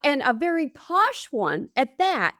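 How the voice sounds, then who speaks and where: A woman's voice: high voice, sing-song, unhurried, bright, forceful tone, no room sound, studio quality. A woman hosting a caregiving podcast, earnestly explaining with client stories and statistics. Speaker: podcast host, nurse. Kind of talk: interview conversation.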